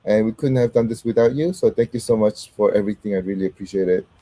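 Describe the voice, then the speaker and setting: A middle-aged man hosting a casual livestream while sick, his voice not fully back, talking haltingly with many ums and uhs and greeting viewers by name. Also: lowish voice, dark tone, no room sound. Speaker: host.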